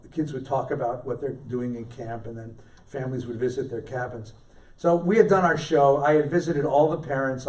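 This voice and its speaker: Brief: middle-aged male rabbi, anecdotal storyteller, reverberant hall, mic at a distance. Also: medium pitch. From California, USA. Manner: warm anecdotal storyteller with self-deprecating humour. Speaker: rabbi, guest scholar. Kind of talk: storytelling talk to a congregation. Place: synagogue hall. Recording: roomy hall, mic from afar.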